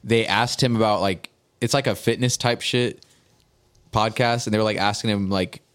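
A man's voice: lowish voice, steady tone, moderate pace, a bit bright, clear, resonant tone. A man on a casual podcast, rambling through a story with heavy swearing and slang. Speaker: podcast host.

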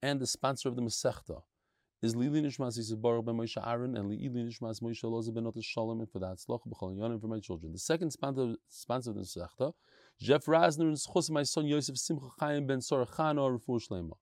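Lively man teaching Talmud. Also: mid-range voice, fast talker, no echo, clean studio sound. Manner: lively, chatty, mixes Yiddish and Hebrew terms. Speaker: Talmud teacher giving a daily daf shiur. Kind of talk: Talmud lesson with announcements.

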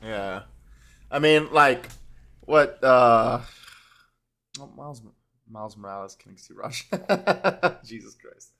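A young man in a relaxed podcast conversation, talking in loose rambling stretches and swearing freely. He laughs easily as he tells his stories, and his pitch sits in an ordinary middle range. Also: takes it slowly, pauses often. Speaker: podcast co-host. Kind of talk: casual chat.

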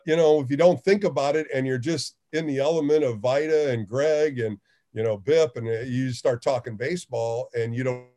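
A middle-aged man, a baseball radio host, telling stories in a casual interview and acting out quotes in a higher voice. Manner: animated, acts out quotes in a higher voice.

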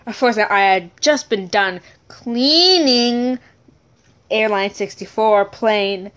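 A woman's voice: medium pitch, slow pace, a bit bright, clean tone. A woman casually telling a funny personal story, giggling often and correcting herself as she rambles along. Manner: giggly, keeps breaking into laughter; rambling, self-correcting asides.

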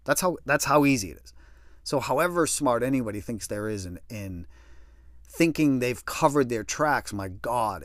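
A man recounts his own story with a sardonic edge, his pitch leaping around as he acts out other people's lines. The recording is dry and close, with no room sound. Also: expressive, moderate pace, no echo. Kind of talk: personal storytelling.

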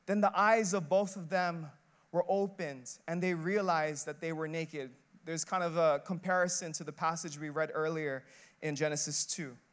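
A man with a notably high speaking voice delivers a sermon as an associate pastor. He preaches conversationally and emphatically, leaning on rhetorical questions and stacking short repeated phrases. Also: fairly even intonation, moderate pace, a bit bright, clear, resonant tone.

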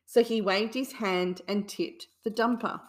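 A woman reading a children's bedtime story aloud in a soothing, deliberate way. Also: mid-range voice, steady tone.

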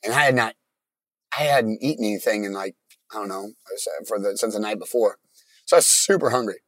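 A man's voice: lowish voice, a bit bright, dry recording. Man telling his own story, dry sound. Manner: plain, halting retelling with many restarts. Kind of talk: personal story told in casual talk.

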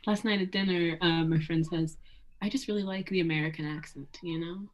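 A woman's voice: on the low side, steady tone, normal speed, low-quality recording. A woman in her twenties co-hosting a podcast, chatty, jokey and often laughing. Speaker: podcast co-host. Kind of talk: casual chat. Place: lives in France.

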